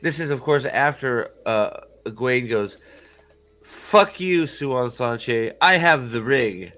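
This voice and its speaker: A man hosting a casual podcast chat, animated and swearing, mocking characters in jeering voices as he quotes them. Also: medium pitch, slow. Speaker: show host.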